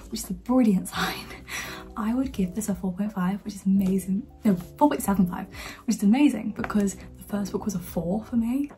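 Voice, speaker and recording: Young woman, soft mellow whispering. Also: mid-range voice, low-quality recording. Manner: often whispering late at night, enthusiastic. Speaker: book vlogger. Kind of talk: casual book review vlog.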